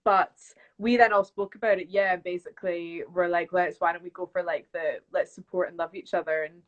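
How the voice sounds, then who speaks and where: A young woman, chatting casually as a guest on a live video call and telling animated stories with bits of impressions. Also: on the low side, fairly quick, highs cut off. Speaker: actress guest. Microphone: phone on a video call.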